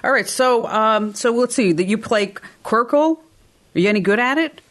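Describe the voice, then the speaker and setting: A woman's voice: a little high, animated, normal speed, a bit bright. Chatty woman radio host. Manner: chatty, rambling storyteller. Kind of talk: casual call-in chat.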